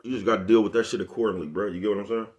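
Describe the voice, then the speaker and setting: A man with a low, deep voice talks quickly and loosely straight to his audience. His street slang is laced with profanity. He keeps circling back to ask if you're following him. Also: fairly even intonation, dull audio. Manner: repeats "you know what I'm talking about". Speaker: vlogger. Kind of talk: casual monologue to camera.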